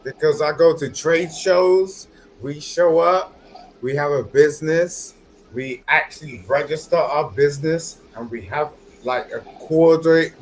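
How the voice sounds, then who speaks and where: A man's voice: a little high, creaky, slight background noise, poor audio. A drunk man boasting and trading insults in a heated livestream argument, with slurred, combative speech.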